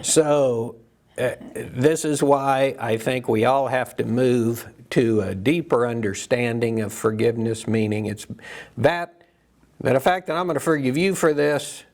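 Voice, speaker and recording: A man with a gravelly, creaky voice of middling pitch leads a Bible study group. He talks casually and reflectively, pausing, restarting and circling back as he works through his points. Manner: reflective, loose, many fillers and restarts. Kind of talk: casual teaching talk.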